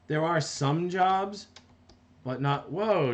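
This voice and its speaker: A middle-aged animator from New Jersey talks a little slowly in a lowish voice, chatting casually on a live stream while he works. He wanders from point to point, reads chat aloud, and often stops partway through a thought.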